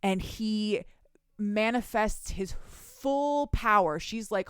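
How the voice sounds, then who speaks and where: A young woman chats casually on a podcast, retelling a story with animated energy and frequent laughter. Her voice sits at a middle pitch. The sound is dry and close, with no room echo. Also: slow, clean tone. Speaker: podcast co-host recapping a book. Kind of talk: casual chat.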